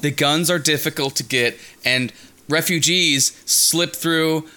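A man's voice: fairly high pitch, takes it slowly, pushed and bright, clear, resonant tone. A man in a casual chat, making dry, sarcastic jokes.

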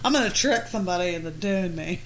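A woman co-hosting a casual comedy chat, giggly and animated, reading news articles aloud between jokes. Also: lowish voice, fairly quick. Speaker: podcast co-host.

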